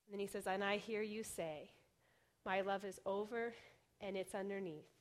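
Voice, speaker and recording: A young woman preaching a sermon in an earnest way, often dropping to a hush on key phrases. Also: medium pitch, fairly even intonation, moderate pace. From Oregon, United States. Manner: earnest, softening to near whispers on key phrases.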